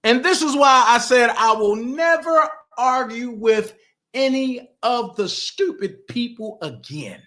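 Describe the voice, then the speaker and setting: High, animated man taunting a rival. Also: slow pace. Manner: animated, taunting, reading legal text aloud. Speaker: political commentary host. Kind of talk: casual commentary monologue.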